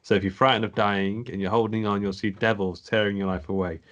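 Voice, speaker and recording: A man's voice: fairly low pitch, steady tone, a bit bright, muffled recording. A man co-hosting a casual horror film podcast over a video call, recapping scenes and reading a quote aloud. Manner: measured, reads quotes aloud. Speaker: podcast co-host. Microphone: home mic on a video call.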